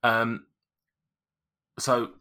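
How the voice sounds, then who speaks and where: A man's voice: medium pitch, completely flat delivery, drawn-out words, bright, forceful tone. A man narrating as game master, hesitant and full of restarts.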